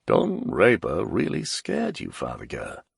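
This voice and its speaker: A man voicing a composed nobleman who speaks in a measured, reassuring way. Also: sits low, huge pitch swings, creaky, breathy edge, no echo, studio quality, full character voice. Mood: calm, measured. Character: calm, composed nobleman, quietly persuasive.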